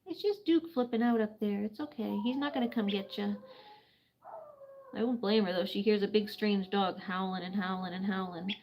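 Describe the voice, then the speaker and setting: A woman hosting a casual late-night livestream at home, chatting and laughing often as she bathes a bird, slipping into high baby talk. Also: moderate pace, a little mellow, slight background noise. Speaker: livestream host caring for animals. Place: home at night, bathing a bird near a couch.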